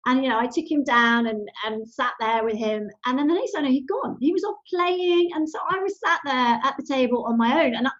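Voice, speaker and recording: Woman podcast host, high-voiced, lively storyteller, slightly lo-fi audio. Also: a little fast, hardly any pauses. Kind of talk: conversational interview. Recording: slightly dull sound.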